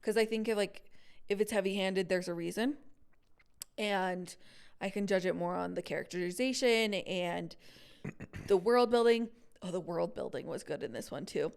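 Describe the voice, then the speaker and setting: A woman co-hosting a podcast in easy, casual chat. Her voice has a gravelly edge yet stays smooth and clear. She talks in quick asides, full of "like.". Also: medium pitch, darkish tone. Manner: chatty, quick asides, frequent "like". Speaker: podcast co-host.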